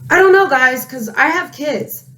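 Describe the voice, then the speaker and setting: Brief: angry woman vlogger in her thirties, fiery rant, higher voice. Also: expressive, a little slow, a bit bright. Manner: angry, heated, swearing. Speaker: political commentary vlogger. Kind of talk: ranting commentary.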